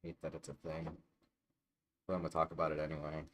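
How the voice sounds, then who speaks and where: A man's voice: very deep voice, monotone, quick pace, a bit bright, a little hiss or hum. A man chatting casually in a vlog at home, digressive and profane, with self-deprecating asides. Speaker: vlogger. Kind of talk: casual rambling vlog chat.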